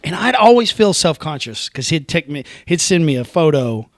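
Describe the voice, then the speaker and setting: Higher-voiced Southern man, dry sound. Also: very animated, moderate pace, dry recording. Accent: rural Southern American. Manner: reflective, rambling, laughs easily. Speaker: podcast host. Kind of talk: casual conversation.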